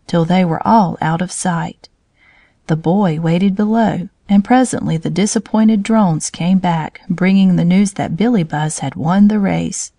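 A woman narrating a children's storybook aloud in a gentle, even way. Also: lowish voice, gravelly, dry recording, studio quality.

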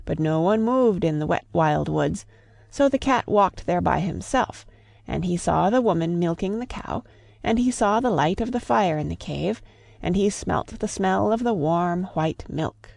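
Gravelly woman reading a story aloud. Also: on the low side, animated, a little mellow, no room sound. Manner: measured, rhythmic storybook narration.

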